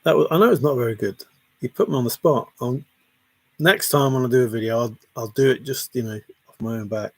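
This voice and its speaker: A man's voice: mid-range voice, brisk, dry recording. A man hosting a casual livestream, reading viewer comments aloud and teasing them with a rambling, chuckling manner. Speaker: livestream host.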